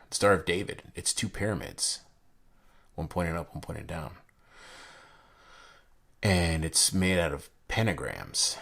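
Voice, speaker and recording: A man's voice: sits low, gravelly, husky. A young man chatting casually while reviewing a deck of playing cards, rambling from one story to the next with many fillers and restarts. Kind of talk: casual unboxing chat.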